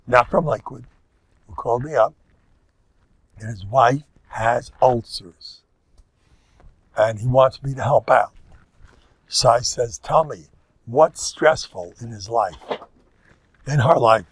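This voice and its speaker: A man's voice: mid-range voice, slow pace, pauses often, husky, no echo. An older man, a rabbi giving an informal, joking Torah lecture that mixes in Yiddish and Hebrew words. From United States.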